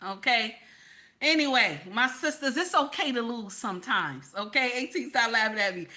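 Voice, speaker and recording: A woman hosting a casual livestream chat, animated and playful, teasing her viewers and tossing in "okay?" again and again. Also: on the high side, normal speed. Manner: keeps repeating "okay?". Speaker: livestream host.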